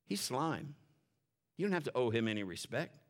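A man's voice: medium pitch, normal speed. A male pastor preaching a sermon to a congregation in church, telling stories and often repeating words as he restarts. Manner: animated preaching with storytelling asides. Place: church service before a congregation.

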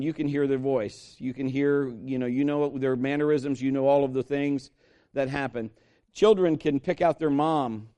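A man's voice: on the high side, warm tone. A man preaching a sermon, emphatic, calling on the congregation to respond. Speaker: pastor.

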